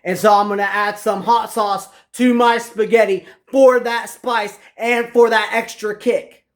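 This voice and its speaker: A man's voice: sits high, fairly even intonation, unhurried. A man hosting a casual cooking vlog, chatting straight to his viewers as he eats. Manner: chatty, addresses viewers directly. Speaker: cooking channel host.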